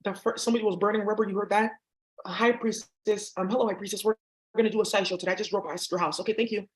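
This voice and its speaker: A woman's voice: mid-range voice, steady tone, racing. A woman vlogger talking in a rambling, profane monologue that jumps between topics.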